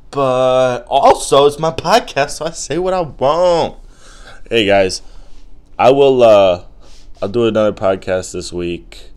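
Profane rambling young man, low voice. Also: a little mellow. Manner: profane, rambling, loose and joking. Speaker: podcast host. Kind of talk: casual comedic rant.

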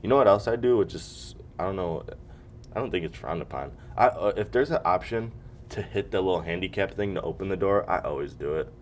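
A man's voice: deep voice, lively intonation, a little fast, slight background noise. A man hosting a solo podcast, joking and ranting casually with lots of swearing and mocking impressions. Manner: casual, profane, jokey, slips into mocking impressions. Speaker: podcast host. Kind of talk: solo comedic podcast rant.

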